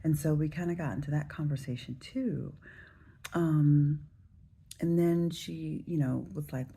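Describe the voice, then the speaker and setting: A woman in her forties from the Southern US, telling a travel story to camera in a chatty, relaxed way. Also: low-pitched, measured pace, vocal fry, slightly rough. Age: 40s. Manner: chatty, relaxed, addresses viewers directly. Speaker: travel vlogger.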